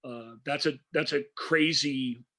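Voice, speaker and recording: A man's voice: medium pitch, measured pace. A man co-hosting a podcast, chatting casually about a film and acting out its lines with gusto. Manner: animated, acts out lines from the film. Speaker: podcast co-host. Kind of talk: casual movie discussion.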